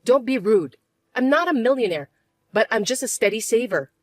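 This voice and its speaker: A woman's voice: on the high side, animated, moderate pace, dry recording. A woman voicing a hurt, hardworking young adult daughter in a synthetic story narration, speaking plainly and defensively.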